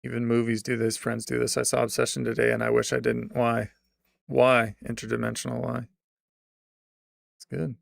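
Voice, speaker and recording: A man streaming and chatting casually, rambling with restarts and trailing off into quiet mumbles. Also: medium pitch, monotone, moderate pace, gravelly, pauses often, dry recording, clean studio sound. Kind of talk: casual livestream chat.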